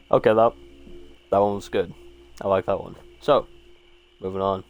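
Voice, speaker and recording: A man's voice: low-pitched, flat delivery, fairly quick, creaky, long pauses, a little mellow. A man casually reading short horror stories aloud and rambling about each one, with lots of fillers and swearing. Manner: rambling, laid-back, swears, frequent fillers.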